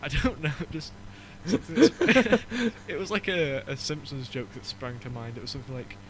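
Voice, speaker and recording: A young man from Northern England, with a fairly high-pitched voice and a Northern English accent, hosts a podcast in a rambling, joking casual chat and is quick to mock. There's slight background noise and the recording quality is low.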